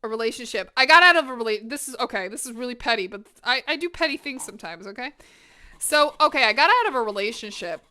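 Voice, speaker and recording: A woman cooking live in her kitchen, chatting with her viewers. Her voice sits a little high, bright and crisp, and she talks with lots of energy and plenty of swearing. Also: fast talker. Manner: energetic, chatty and profane, talking to chat. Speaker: cooking streamer. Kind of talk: casual chat while cooking on stream.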